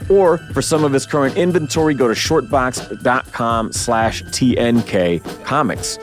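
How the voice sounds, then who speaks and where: A man in his thirties, from Oregon, hosting a podcast in animated, profane casual chat. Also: medium pitch, a little slow, soft background music. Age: 30s. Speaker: podcast host and rapper.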